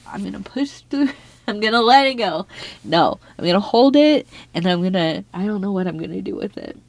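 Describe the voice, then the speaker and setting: A woman's voice: medium pitch, lively intonation, moderate pace, vocal fry, a little mellow, no room sound. A woman doing a tea leaf reading for her viewers, talking in an earnest, heartfelt way. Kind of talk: casual spoken reading to viewers.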